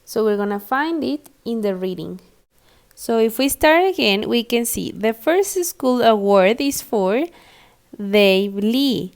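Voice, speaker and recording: A young woman from Mexico, teaching an English lesson slowly and patiently, spelling out each step. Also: on the high side, lively intonation. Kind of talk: recorded online lesson. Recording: echoey room.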